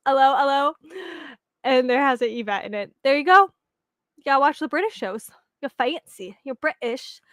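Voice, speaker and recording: A woman's voice: high-pitched, lively intonation, fairly quick, a bit bright, no echo, studio quality. A young woman chatting casually with viewers as the host of a reading sprint stream, rambling and giggling with lots of fillers.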